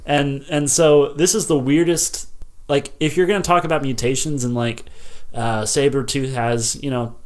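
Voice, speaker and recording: A man's voice: medium pitch, fairly even intonation, moderate pace, a little mellow. A young man co-hosting a movie podcast, chatting casually with sarcastic jokes and frequent laughs. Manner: sarcastic, joking, laughs often. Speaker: podcast co-host. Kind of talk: casual movie review chat.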